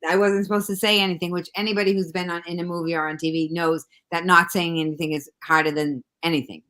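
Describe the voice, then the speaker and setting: Fast-talking Boston woman telling stories. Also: on the low side. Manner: fast, animated anecdote-telling with acted-out quotes. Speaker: guest comedian. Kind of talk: casual storytelling chat.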